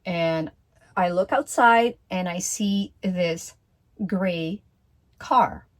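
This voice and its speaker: A woman casually telling a personal story, hesitant, with many fillers and restarts. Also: lowish voice. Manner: slow, deliberate delivery.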